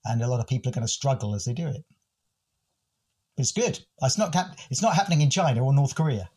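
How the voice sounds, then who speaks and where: A man's voice: medium pitch, lively intonation, fast, darkish tone, slightly rough. An English man, a guest who is an educator and comedic speaker, telling reflective stories in a thoughtful, wry and self-deprecating way. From United Kingdom. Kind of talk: reflective conversational storytelling.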